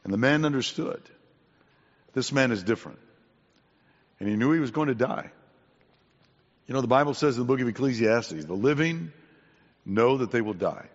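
A man preaching a sermon, repeating his main points and often clearing his throat. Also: medium pitch, animated, moderate pace, long pauses. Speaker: pastor. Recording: dull sound with long hall reverb.

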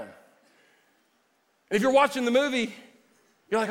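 Preacher in a reverberant hall. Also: male voice, sits high, sing-song, a little slow, pauses often, a faint crowd. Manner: swings from loud preaching to hushed storytelling. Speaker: pastor. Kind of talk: sermon.

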